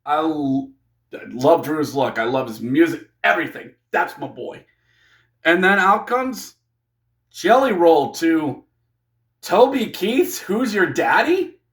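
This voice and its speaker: Brief: high-pitched male reviewer, casual monologue, excitable, jokey. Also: takes it slowly. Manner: excitable, jokey, acts out wrestlers' lines. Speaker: wrestling reviewer.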